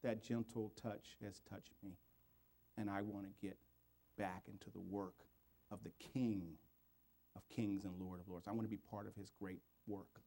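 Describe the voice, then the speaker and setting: A man's voice: lowish voice, steady tone, a little slow, vocal fry, dark tone. A man preaching a sermon and leading an altar call and prayer, in an earnest, pleading way, his voice rising and falling. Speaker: pastor.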